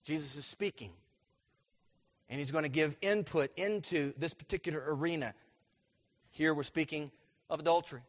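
A man preaching a sermon as pastor, asking his congregation questions and building to loud, emphatic peaks. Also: a little high, moderate pace.

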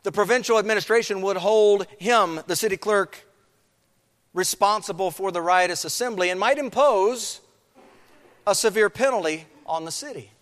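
Dramatic preacher in a reverberant hall. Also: male voice, high-pitched, fairly bright tone. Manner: dramatic, acts out crowd chants. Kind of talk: sermon.

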